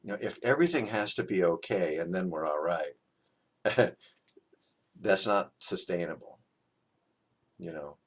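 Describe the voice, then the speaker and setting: A man teaching a qigong class, talking in a reflective, halting way with many fillers and restarts. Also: low-pitched, lively intonation, husky. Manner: gentle, chuckles at his own quotes.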